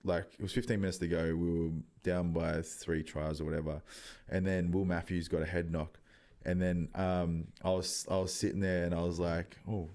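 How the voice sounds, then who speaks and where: A young Australian man in his twenties, telling a story in loose, casual podcast chat, swearing freely and pausing on many ums. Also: sits low, level tone, darkish tone. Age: 20s. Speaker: podcast guest, rugby league player.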